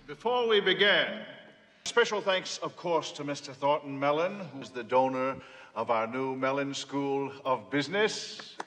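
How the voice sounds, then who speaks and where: An actor as a timid folksy college dean. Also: male voice, mid-range voice, measured pace, fairly bright tone, lightly acted. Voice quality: mild, old-fashioned exclamations.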